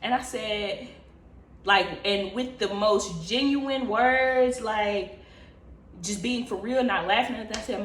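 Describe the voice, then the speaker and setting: A woman vlogger telling a story in an animated, expressive, profane casual way. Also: medium pitch, slow, roomy sound, slight background noise.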